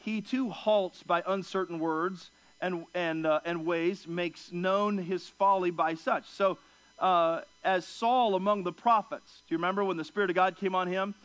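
A man preaching an expository sermon, moving from quiet asides to raised, emphatic passages and acting out the people he quotes. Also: a little slow, no room sound, low-quality recording. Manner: emphatic, swings from low asides to raised, excited delivery; acts out quoted speakers in pitched-up voices.

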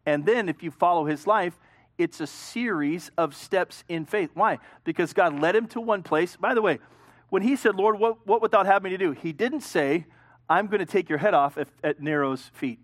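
A man pastor preaching a sermon, swinging between loud emphasis and hushed storytelling. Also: high voice, moderate pace, no echo.

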